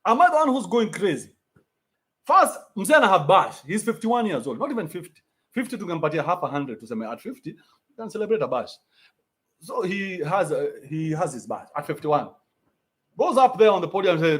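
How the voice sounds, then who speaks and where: A man with a Kenyan accent hosting a podcast, ranting in a mocking, animated way and swearing freely. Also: high voice, normal speed, pauses often. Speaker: podcast host. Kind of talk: ranting commentary.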